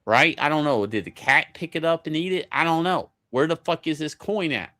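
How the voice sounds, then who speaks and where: A man telling a casual story in an animated, profane way, with many stammering restarts. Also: on the high side, moderate pace.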